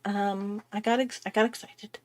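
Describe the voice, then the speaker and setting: Bubbly, excitable woman streaming live. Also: mid-range voice, moderate pace, dry recording, clean studio sound. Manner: bubbly, excitable, apologetic, chatty with fillers. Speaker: art channel host. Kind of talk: casual live-stream chat.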